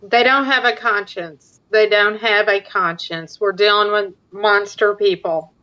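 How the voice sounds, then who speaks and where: A woman in casual video chat, talking haltingly as a sympathetic listener. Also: medium pitch, fairly even intonation. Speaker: chat participant. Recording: dull lo-fi online call audio.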